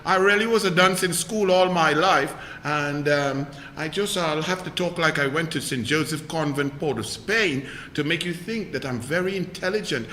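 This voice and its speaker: A man's voice: fairly high pitch, moderate pace, hardly any pauses, bright, forceful tone, a little hiss or hum, pitched below the performer's own voice. Guy doing a stuck-up lady politician faking posh talk, mocking, echoey room. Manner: mocking, affected, mincing. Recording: echoey room with long reverb.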